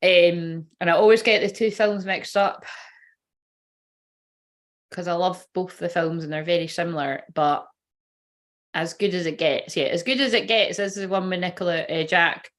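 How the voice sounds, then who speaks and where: A woman's voice: lowish voice, moderate pace, long pauses. A woman who works as a spiritual reader, chatting casually on a livestream, rambling, giggling and swearing freely.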